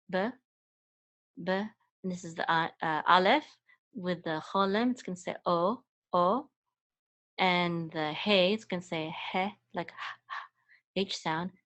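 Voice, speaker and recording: A woman with a slightly low voice gives a Hebrew reading lesson. She speaks very slowly, hesitating often and restarting her phrases as she sounds out each letter and vowel one by one. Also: a bit bright. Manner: patient, hesitant, many fillers and restarts; spells out sounds and syllables one by one. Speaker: Hebrew and Torah chanting teacher. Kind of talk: slow step-by-step reading lesson.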